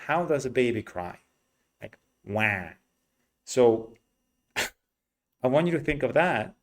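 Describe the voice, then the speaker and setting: A man teaching English pronunciation in an unhurried way. His voice sits at an ordinary middle pitch, and he breaks up his explanations by saying the vowel sounds aloud again and again. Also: lively intonation. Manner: explains slowly, demonstrates vowel sounds by repeating them.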